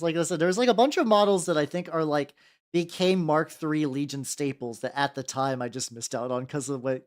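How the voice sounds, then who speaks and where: Painting miniatures on his VTuber stream, a young man talks in a slightly high voice. His casual, rambling chatter is full of restarts and jokes at his own expense.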